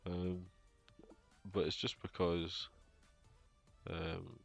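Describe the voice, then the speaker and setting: Completely flat and drawing out his words, a deep, gravelly man talks on a headset from his home room. This streamer and young father rambles in casual gaming chat, joking and piling on fillers, over dull lo-fi sound with background music.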